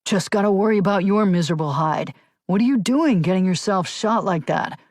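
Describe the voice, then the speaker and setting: Woman voicing a crisp gruff ex-army medic. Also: sits high, a little fast, no echo, studio quality, natural voice. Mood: tense, brusque. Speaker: audiobook character.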